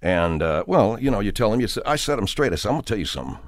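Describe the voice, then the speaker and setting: Paranoid possessive middle-aged coach voiced by a man, hushed low halting delivery, dry close studio sound. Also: sing-song, no room sound. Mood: defensive. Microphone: studio microphone.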